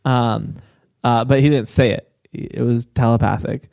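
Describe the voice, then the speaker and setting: A man's voice: medium pitch, fairly even intonation, moderate pace, gravelly, a little mellow, no room sound. A man co-hosting a comedy podcast, telling the story and laughing often as he goes.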